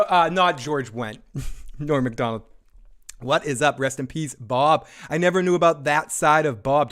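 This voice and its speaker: A man hosting a casual live stream after a drink, a little buzzed. He rambles, swears freely and pokes fun at himself, in a voice that sits a touch higher than most men's. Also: a bit bright. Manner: rambling, profane, self-mocking. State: tipsy.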